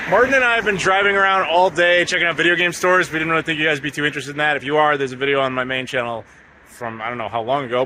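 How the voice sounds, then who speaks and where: A man's voice: medium pitch, bright, forceful tone, a little hiss or hum. A man from the United States casually vlogging outdoors on town streets, chatty and joking with lots of fillers. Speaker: travel vlogger. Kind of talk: casual walking vlog.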